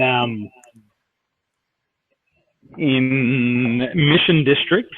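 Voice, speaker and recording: A man from Australia, a coach and interview guest, telling rambling anecdotes with many fillers and restarts. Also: mid-range voice. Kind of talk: conversational storytelling. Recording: dry, tinny phone-like audio.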